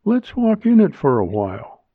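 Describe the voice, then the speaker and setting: A man's voice: fairly high pitch, huge pitch swings, normal speed, dry recording, voice pushed up. A man voicing a playful, teasing adult woman in a cheerful manner, in a tinny, phone-like recording. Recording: tinny phone-like dry sound.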